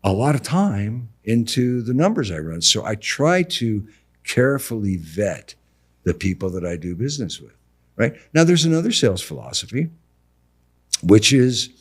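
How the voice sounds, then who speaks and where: A middle-aged contractor with a husky, mid-range voice tells stories casually during a podcast interview. Animated throughout, he acts out the dialogue on both sides and throws in slang like "bro" and "dude."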